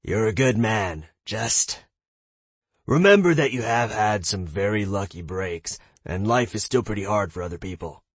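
A man's voice: lowish voice, expressive, unhurried, husky, no echo, exaggerated voice. A man voicing a genial older male adventurer who gives fatherly advice in a storybook reading. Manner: fatherly, lecturing, calls others lad.

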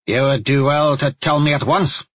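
A man's voice: fairly low pitch, expressive, a little slow, slightly rough, no room sound. A man doing a stern old witch mentor. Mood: demanding. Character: stern older woman, a commanding witch mentor.

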